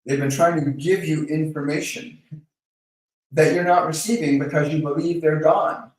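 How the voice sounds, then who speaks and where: Calm coaching man in an echoey room. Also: fairly high pitch, moderate pace, recorded from a distance. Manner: calm, coaching, speaks directly to viewers by name. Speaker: host of a live Q&A. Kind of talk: live-stream advice and guided breathing.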